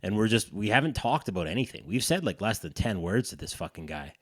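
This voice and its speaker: A man co-hosting a podcast, telling an animated, profane story in casual chat. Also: lowish voice, fast talker, dry recording, clean studio sound. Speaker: podcast co-host.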